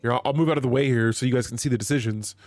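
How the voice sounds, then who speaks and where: A man's voice: mid-range voice, racing, darkish tone, no echo, faint music behind. A man streaming a strategy game, chatting with viewers and reading the in-game text aloud. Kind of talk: live gameplay commentary.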